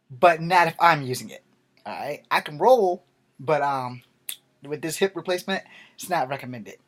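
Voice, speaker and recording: Tired, blunt man ranting late at night. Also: medium pitch. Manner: blunt, rambling, swears freely. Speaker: vlogger. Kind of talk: casual late-night rant to camera.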